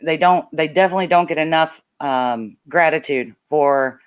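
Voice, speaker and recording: A woman hosting an interview, chatty and warm, with frequent ums. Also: low voice, normal speed, clean tone. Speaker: host. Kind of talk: casual interview chat.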